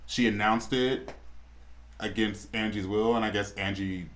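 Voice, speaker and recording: Lowish-voiced guy gossiping about celebs, opinionated, chatty. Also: steady tone, a little slow, fairly bright tone. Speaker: podcast co-host. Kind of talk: casual gossip chat.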